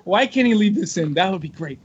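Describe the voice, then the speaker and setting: A young man guesting on a podcast, crude and animated, laughing through his stories in casual chat. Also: sits high, fairly quick, husky. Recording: dull lo-fi audio.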